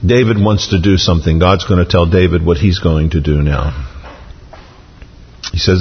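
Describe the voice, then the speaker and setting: A man's voice: deep voice, steady tone, moderate pace, pauses often, husky. A man preaching a sermon, reading scripture aloud and explaining it in his own words. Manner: expository preaching, reads and paraphrases scripture aloud. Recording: dull lo-fi sound with long hall reverb.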